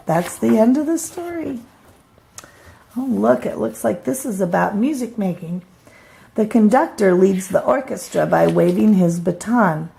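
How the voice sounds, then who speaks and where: An older woman, a grandmother, reading a storybook aloud to her grandchildren in an unhurried way. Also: medium pitch, expressive, gravelly, dark tone.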